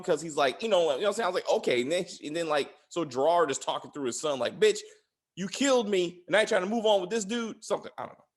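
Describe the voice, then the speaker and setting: Animated man ranting in a TV review. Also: a little high. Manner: animated, exasperated ranting with frequent profanity. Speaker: podcast host reviewing a TV series. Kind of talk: casual spoiler review chat.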